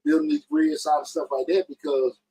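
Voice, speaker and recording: A man hosting a casual call-in podcast, talking in bursts with frequent restarts and emphatic upward pitch jumps. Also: huge pitch swings, fairly quick, creaky, warm tone, husky, no room sound, rough recording. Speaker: podcast host.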